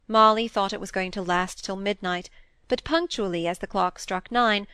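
A woman reads a classic novel as an audiobook, narrating in a measured, even manner with a smooth, mid-range voice and no echo.

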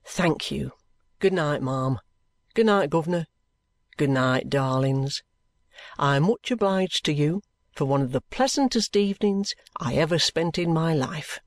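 A man voicing a genial, ingratiating middle-aged male detective who talks in a slow, coaxing, colloquial way. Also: fairly high pitch, expressive, no echo.

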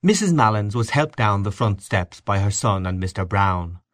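A man narrating a classic story in a measured, expressive reading. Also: fairly low pitch, no room sound, studio quality.

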